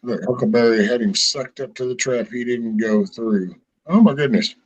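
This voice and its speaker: A man's voice: medium pitch, moderate pace, highs cut off. A man chatting casually with friends, swearing freely and acting out little scenes as he talks. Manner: animated, swearing, acts out scenes in a raised voice. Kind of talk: casual chat.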